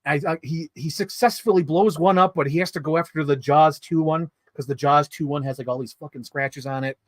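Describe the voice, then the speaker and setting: Excitable rambling man reviewing movies. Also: on the high side, a little fast, no echo, clean studio sound. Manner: excitable rambling storytelling with swearing and fillers. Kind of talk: casual movie review vlog.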